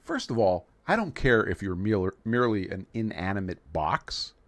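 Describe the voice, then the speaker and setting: A man's voice: fairly low pitch, big pitch swings, moderate pace, dry recording. A man from New York City hosting a casual livestream, joking and rambling as he restarts his sentences. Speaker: livestream host.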